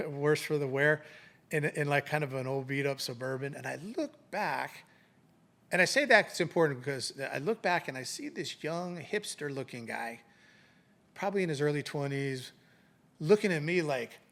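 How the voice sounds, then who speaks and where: A man's voice: a little high, moderate pace. A middle-aged man, a retired police sergeant, casually telling a story in an interview and acting out the voices of the people in it. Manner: animated anecdote telling, acting out quoted voices.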